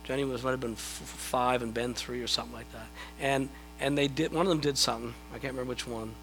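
A man's voice: mid-range voice, steady tone, fast, fairly bright tone, soft background music, poor audio. A middle-aged man preaching a sermon in a conversational, self-deprecating way, often repeating his words as he starts a thought. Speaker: pastor.

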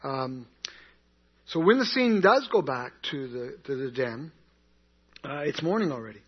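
A man's voice: medium pitch, animated, unhurried, breathy edge. A man teaching an interactive Bible class in a conversational way, asking the group questions and answering them himself. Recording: dull lo-fi recording.

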